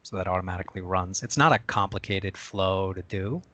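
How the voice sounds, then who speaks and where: Low-voiced man demoing software. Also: brisk, no room sound. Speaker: co-presenter. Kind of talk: screen-share software demo.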